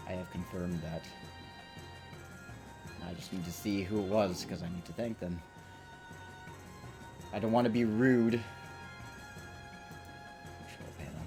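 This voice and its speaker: Over game music, a deep-voiced man streams a let's play, speaking at a measured pace with long pauses. His commentary rambles, jokes, and pokes fun at himself.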